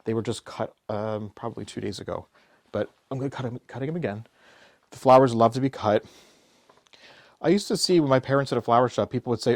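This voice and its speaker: Brisk and mid-pitched, this middle-aged man's darkish voice carries a casual flower-arranging lesson. As a florist, he keeps up a jokey, chatty patter, often poking fun at himself, and the recording has no room sound.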